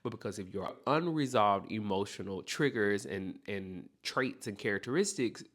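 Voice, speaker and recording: A man hosting a self-help podcast, talking straight to the listener in an animated, encouraging way. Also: fairly low pitch, normal speed. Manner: animated, speaks straight to the listener with repeated okays. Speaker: podcast host.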